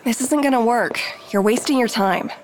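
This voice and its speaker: An actress playing a sardonic young woman who teases her companion in a dry, deadpan way. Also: fairly high pitch, normal speed, natural voice. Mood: dry teasing.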